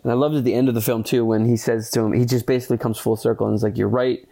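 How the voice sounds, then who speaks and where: A man hosting a podcast and reviewing a film in casual solo chat, rambling with lots of fillers, earnest and excitable, swearing casually. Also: mid-range voice, rapid-fire.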